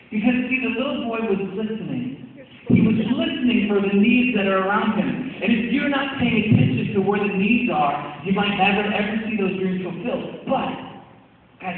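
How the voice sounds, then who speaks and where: A man pastor preaching to a room, his voice sitting high for a man. He tells stories in a loose, conversational way and slips into quoted voices. The sound is captured from far off in a big echoing church hall on a thin, phone-like camera recording. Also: slight background noise. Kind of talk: sermon.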